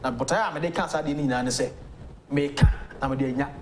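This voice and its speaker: A man's voice: mid-range voice, fast talker, slight background noise. A man with a Ghanaian accent, a lawyer arguing his points emphatically as a guest on a political talk show. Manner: emphatic, argumentative. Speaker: legal practitioner guest.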